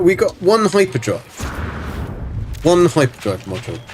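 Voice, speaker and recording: Man from Germany, livestream host, rambling chatty gaming talk, mid-pitched, game sounds clearly audible behind. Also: lively intonation, normal speed, noisy background. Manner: rambling and chatty, swears playfully. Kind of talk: casual gaming commentary.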